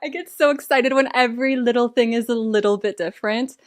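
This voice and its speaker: A woman chatting excitedly and laughing as she reacts to an album. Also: a little high, fairly quick, dry recording, studio quality. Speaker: music reaction streamer. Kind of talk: casual reaction commentary. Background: faint pop music.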